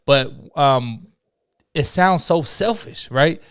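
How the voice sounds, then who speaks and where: A man's voice: mid-range voice, brisk, a bit bright, clear, resonant tone. A man co-hosting a podcast, a former morning show host, giving advice in a casual, preachy way built on sayings. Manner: preachy, uses sayings, asks "right?".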